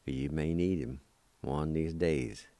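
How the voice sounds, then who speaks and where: A man's voice: very deep voice, fairly even intonation, unhurried, mellow, clean tone, dry recording. A man teaching vocabulary, spelling out each word letter by letter and repeating every syllable patiently, with a studio sound. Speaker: language teacher. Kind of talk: slow spelling and pronunciation drill.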